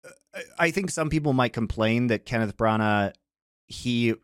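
A man's voice: mid-range voice, animated, moderate pace, clean tone, no echo. Guy hosting a podcast, eager and chatty, dry close sound. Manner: enthusiastic, explanatory, many fillers. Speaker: podcast host. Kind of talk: casual podcast chat.

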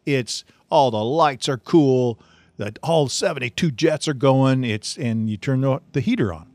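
A middle-aged man hosting a podcast, telling a funny story in a casual, animated way and laughing often. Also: mid-range voice, a little slow, dry recording. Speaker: podcast host.

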